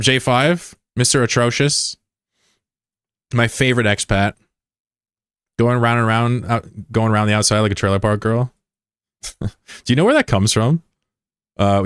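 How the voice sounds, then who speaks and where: A man's voice: fairly low pitch, moderate pace, pauses often, smooth, dry recording, studio quality. Slangy man joking with his stream chat. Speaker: game streamer. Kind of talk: casual live-stream chat, reading viewer messages.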